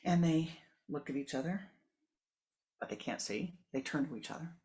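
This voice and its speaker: A woman spiritual teacher telling a story in a meditation talk, slow, with whispered asides and repeated phrases. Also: sits low, animated, warm tone.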